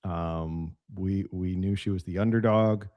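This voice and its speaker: A man's voice: sits low, fairly even intonation, unhurried, no room sound, muffled recording. A man hosting a live political talk show, joking and sarcastic, with lots of fillers. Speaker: host. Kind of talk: casual political news chat.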